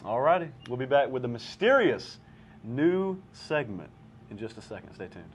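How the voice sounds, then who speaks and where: A young man hosting a casual talk show, joking and teasing his co-host in a deadpan way. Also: mid-range voice, moderate pace, background noise.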